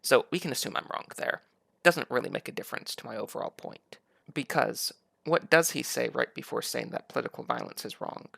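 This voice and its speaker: Gravelly, sarcastic male commentator. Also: mid-range voice, lively intonation, fairly quick, pushed and bright, dry recording, clean studio sound. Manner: sarcastic, mocking. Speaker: commentary YouTuber.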